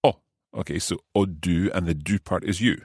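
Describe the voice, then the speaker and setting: A man hosting a language lesson podcast as the learner, asking curious questions and slowly repeating new phrases. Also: sits low, darkish tone, dry recording, clean studio sound. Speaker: host and learner.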